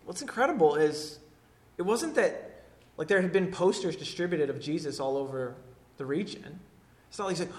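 A man delivering a sermon with a slightly high voice. He drops to hushed, quiet phrases and then rises into loud, emphatic statements. His delivery is passionate and deliberate. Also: lively intonation. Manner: preaching with swings from hushed to forceful. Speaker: pastor.

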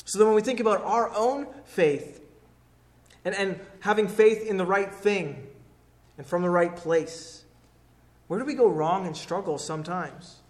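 Earnest high-voiced male preacher. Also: a little slow. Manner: earnest, conversational, with fillers and restarts, dropping soft for quoted pleas. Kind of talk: sermon.

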